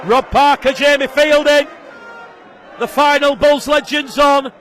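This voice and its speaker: A man calling a live rugby league match, his voice rising to shouts on big plays. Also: very high voice, little pitch movement, a little slow. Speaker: play-by-play commentator. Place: stadium commentary position. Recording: broadcast with crowd and ambient noise. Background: crowd noise.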